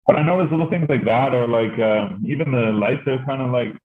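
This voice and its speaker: A man's voice: mid-range voice, a little fast. Rambling Canadian podcast man, tinny. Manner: rambling, swearing, lots of fillers. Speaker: podcast host. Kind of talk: casual chat. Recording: tinny phone-like sound.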